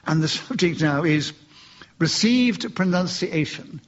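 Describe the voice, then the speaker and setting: A man's voice: a little high, animated, measured pace, muffled recording. An older man hosting a radio panel game with courteous, formal announcing before a live audience. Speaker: panel show host.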